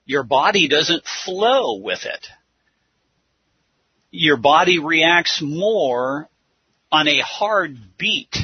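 A man's voice: fairly high pitch, expressive, extremely slow, pauses often, slightly rough, dry recording. A man giving a religious teaching talk, explaining step by step and counting things out, on a dull lo-fi recording. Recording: dull lo-fi sound.

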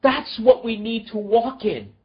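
An unhurried preacher pours out an emotional sermon, pitch rising and falling widely from line to line. Rhetorical questions pile up, and the voice sinks low and soft at the tender points, heard on a slightly dull, lo-fi recording. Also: expressive.

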